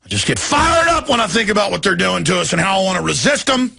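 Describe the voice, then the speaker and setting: Man, radio host, fiery rant, gravelly husky voice, bright and tense, yelling bursts. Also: high voice, big pitch swings, quick pace. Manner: fiery, shouting, growling outbursts. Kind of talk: ranting radio monologue.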